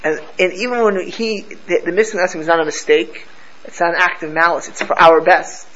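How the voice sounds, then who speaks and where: A man's voice: sits high, steady tone, fairly quick, pushed and bright, dull audio. A man teaching a casual religious class to a live group, chatty, often asking his listeners "right?" and weaving prayer phrases into his talk.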